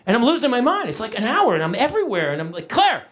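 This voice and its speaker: A middle-aged male stand-up comedian telling a family story in an exasperated, animated way on stage. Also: very high-pitched, quick pace. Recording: live audience laughter.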